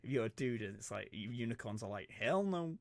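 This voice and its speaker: A man's voice: fairly low pitch, steady tone, fast, vocal fry, no echo. A young man, rambling and joking, stammering often and swearing casually as he chats on a gaming livestream. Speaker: streamer.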